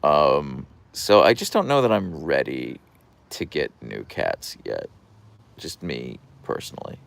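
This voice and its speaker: Calm, creaky-voiced man chatting on a livestream. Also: extremely low pitch, slow. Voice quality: calm, radio-like voice. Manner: soft-spoken, relaxed, reads viewer comments aloud. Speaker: livestream host. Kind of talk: casual live-stream chat reading comments.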